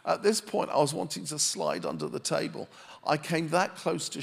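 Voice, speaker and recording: Male preacher, gravelly, self-mocking storyteller, church hall reverb. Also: a little high, normal speed, fairly bright tone. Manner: self-deprecating, comic timing, storytelling. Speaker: pastor. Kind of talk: sermon with humorous storytelling. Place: church meeting with a live audience.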